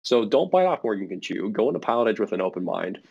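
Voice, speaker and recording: A man's voice: on the low side, sing-song, quick pace, creaky, a little mellow, breathy edge. A man speaking as a guest for a flight sim network in a casual podcast interview, rambling with many fillers and restarts. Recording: dull lo-fi audio.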